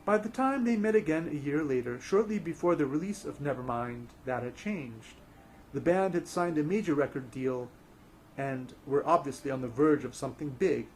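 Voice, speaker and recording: High-voiced man reading a book casually. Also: normal speed, a little mellow, a little hiss or hum. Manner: rambling, breaks off to chat. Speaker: book reader.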